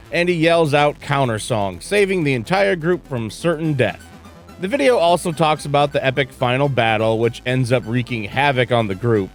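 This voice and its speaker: A man reads a scripted recap at a steady, measured clip, his voice sitting mid-range. Faint instrumental music plays beneath him. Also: medium pitch. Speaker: tribute video narrator. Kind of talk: scripted narration.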